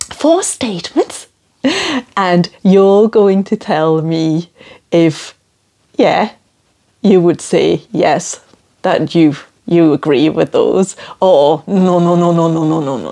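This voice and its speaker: A woman with a Geordie accent, teaching French phrases to children in a slow, playful, exaggerated way. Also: dark tone. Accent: Geordie English. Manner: playful, slow and exaggerated, with big swoops in pitch. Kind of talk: children's language lesson.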